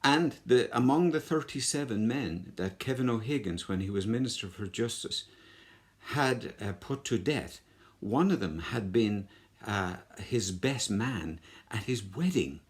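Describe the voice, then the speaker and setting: A man explains history to children. He talks in a relaxed, halting way with frequent fillers, and his pitch moves in a lively way.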